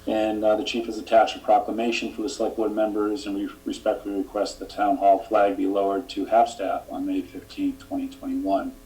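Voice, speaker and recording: A man with a Boston accent, a select board member reading a formal proclamation aloud at a town meeting, measured with small restarts. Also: fairly low pitch, little pitch movement, warm tone. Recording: distant mic with faint hum.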